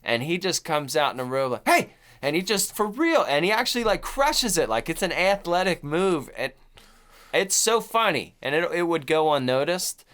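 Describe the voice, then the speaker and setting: Male podcast co-host, lively and profane, slightly raised pitch, casual banter. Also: normal speed. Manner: animated, swears a lot, says "dude" and "like". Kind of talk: casual chat.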